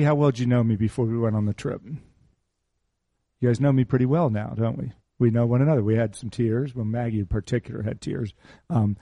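A man's voice: mid-range voice, mellow, no room sound. A man, a pastor, preaching an informal sermon in a conversational way, repeating key phrases for emphasis and slipping in teasing asides to people in the congregation.

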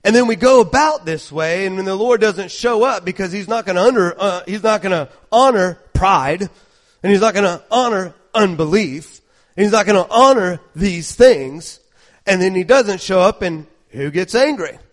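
High-pitched preacher guy, emphatic sermon, keeps firing questions at the church. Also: lively intonation, normal speed. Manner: emphatic, repetitive rhetorical questions.

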